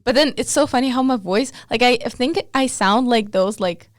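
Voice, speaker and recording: A young woman with a slightly high voice, chatting casually as a co-host. She talks quickly and loosely, packing her sentences with fillers, and the sound is close and dry. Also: no echo. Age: young adult. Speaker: podcast co-host. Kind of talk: casual chat.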